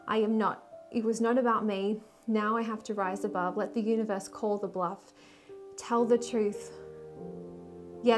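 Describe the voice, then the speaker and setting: A woman giving a casual weekly tarot reading, emotional and rambling, with sighs and soft laughs. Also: mid-range voice. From Australia. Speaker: tarot reader and spiritual guide.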